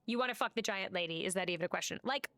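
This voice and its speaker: A woman's voice: mid-range voice, rapid-fire, fairly bright tone, no echo. A woman streaming a game live, chatting casually, swearing and reading the game's text aloud.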